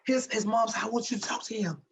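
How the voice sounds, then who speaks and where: Speaking quickly in a slightly high voice, a fifty-something woman and former professional basketball player recounts motivational stories during an interview. She's emphatic and lively, repeating herself for emphasis, and the recording quality is low.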